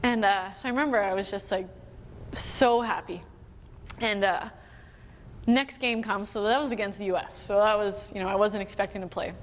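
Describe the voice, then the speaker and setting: A woman's voice: medium pitch, steady tone, normal speed. A young adult woman from Canada telling a personal story at a conference, chatty, with many fillers and quoted voices. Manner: chatty, many "like"s, quotes others, emotional at moments. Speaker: conference speaker. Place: conference hall. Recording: long hall reverb, faint room noise.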